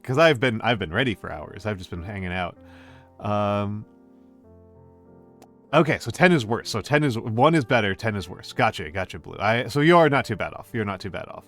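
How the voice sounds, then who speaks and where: A man streaming as a VTuber, chatting casually with his live viewers in a rambling, gently playful way, often repeating his own phrases. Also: on the low side, expressive, moderate pace, faint music behind.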